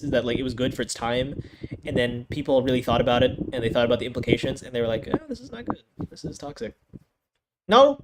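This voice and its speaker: A young man reviewing anime in a casual, profane rant full of restarts and exasperated outbursts. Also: mid-range voice. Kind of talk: casual ranking commentary. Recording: noisy home recording.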